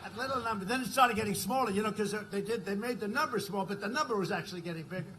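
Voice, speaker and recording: A man's voice: high voice, fast, a bit bright, a little hiss or hum. A man addressing a campaign rally in a rambling, repetitive way, often checking in with the crowd. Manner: rambling, repetitive, keeps asking the crowd "right?". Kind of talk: rally speech.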